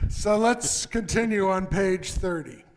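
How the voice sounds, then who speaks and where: A Texan man leading worship in a synagogue, his voice sitting high for a man. He speaks slowly and loosely, easing from prayer into a relaxed story with a soft Texas accent. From Texas, USA. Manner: slow, relaxed storytelling, chuckling. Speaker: rabbi leading a service. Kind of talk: leading prayer with a told anecdote. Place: synagogue sanctuary.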